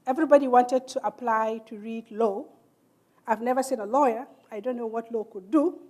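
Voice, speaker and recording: A woman's voice: on the high side, moderate pace. A middle-aged Nigerian woman giving a speech in a large hall, telling her life story earnestly and acting out the people in it. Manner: earnest, animated storytelling with quoted dialogue. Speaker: keynote speaker.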